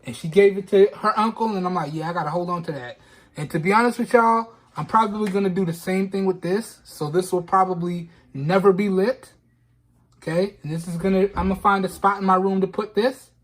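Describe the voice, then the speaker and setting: A man's voice: sits high, a little fast. A man vlogging an unboxing, talking casually while trying not to cry, often repeating himself and saying "man" and "y'all". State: holding back tears. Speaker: vlogger reviewing products.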